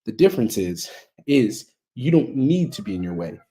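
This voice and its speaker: Man, low husky voice, profane, preachy, emphatic repetition, motivational talk. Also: very animated, moderate pace, warm tone. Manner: blunt, heavily profane, preachy. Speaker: motivational speaker. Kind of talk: unscripted motivational monologue.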